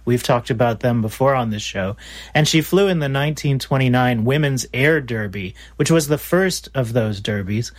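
A man co-hosting a history podcast, narrating events in a relaxed, casual way. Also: medium pitch, normal speed. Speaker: podcast co-host. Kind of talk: conversational history storytelling.

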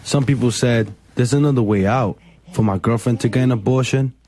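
Mellow young man narrating his own story. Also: medium pitch, a little fast, a little hiss or hum. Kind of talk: scripted documentary narration.

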